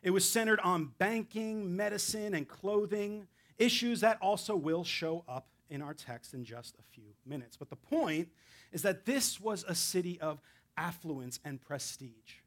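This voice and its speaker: A man's voice: sits high, lively intonation, unhurried, fairly bright tone. A man preaching as a guest pastor in a church, casual and chatty with self-deprecating asides. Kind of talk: sermon. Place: church sanctuary.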